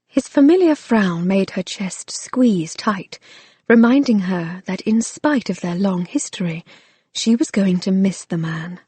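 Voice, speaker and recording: A woman reading a romance novel aloud as an audiobook narrator, in a measured, soft-spoken way. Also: mid-range voice, expressive, husky, no echo.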